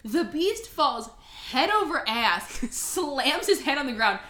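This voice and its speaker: A woman hosting a podcast, recapping a movie in an animated, profane and playful way. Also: high voice, takes it slowly, reverberant. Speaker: podcast host. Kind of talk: casual movie recap chat.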